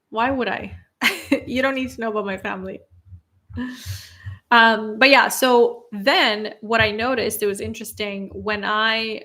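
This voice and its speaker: A woman's voice: fairly high pitch, bright, forceful tone. A young woman speaking English as a second language, casually answering viewer questions on a livestream, chatty and laughing often. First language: non-native English speaker. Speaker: content creator answering live chat questions.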